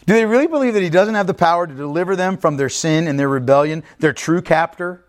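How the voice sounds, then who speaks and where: Emphatic preaching man, fairly high voice. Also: fast. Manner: emphatic, conversational preaching with frequent "right?" asides. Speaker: pastor. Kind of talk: sermon.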